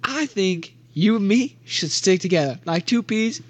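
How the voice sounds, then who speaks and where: Man doing clingy big kid Big Tim, higher pitched. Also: lively intonation, a little slow, dry recording. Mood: gushing. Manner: eager, gushing, overfriendly. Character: big clingy boy in a trench coat who loves kittens.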